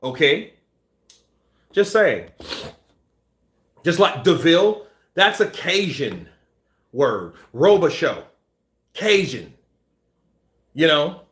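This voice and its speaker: A man hosting a boxing news channel, chatting casually and acting out scenes with shouts and sound effects. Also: on the high side, sing-song, very slow, pauses often, roomy sound. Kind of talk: casual live-stream chat.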